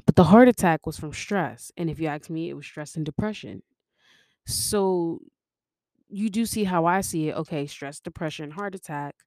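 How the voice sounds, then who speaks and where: A woman's voice: sits low, normal speed, darkish tone, no echo, clean studio sound. A young woman hosting her own podcast, telling a personal story in a rambling, casual way, jumping between tangents and laughing often. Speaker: podcast host. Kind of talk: casual confessional monologue.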